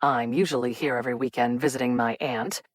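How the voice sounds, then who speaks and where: Picture a smug young playboy drawling lines to charm a table of guests, as a woman narrator puts him on. The voice sits deep and unhurried, each word stretched with self-satisfaction. It is recorded dry and close, with no room around it. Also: fairly even intonation, no room sound. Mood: breezy. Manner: slow, drawling and theatrical. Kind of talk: audiobook character reading.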